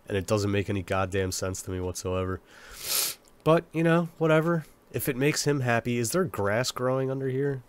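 Stuffy-nosed young man rambling over gameplay. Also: lowish voice. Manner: rambling, self-mocking chatter to himself. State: congested from a cold, nasal and sniffly. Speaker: let's play gamer. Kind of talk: casual gameplay commentary.

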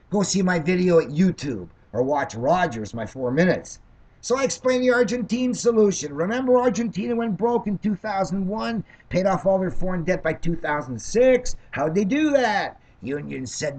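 Older Canadian man, raised pitch, swinging intonation, combative rant, reading his own account. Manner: combative, ranting, lively delivery. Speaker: political candidate. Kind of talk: reading his own transcript aloud, rambling commentary.

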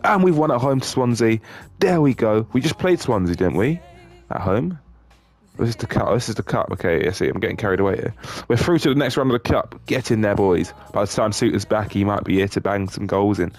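A man's voice: on the low side, lively intonation, a little fast, soft background music. Sweary gamer man. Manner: sweary, swings from glum mutters to shouting. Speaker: gaming YouTuber. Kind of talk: live game commentary.

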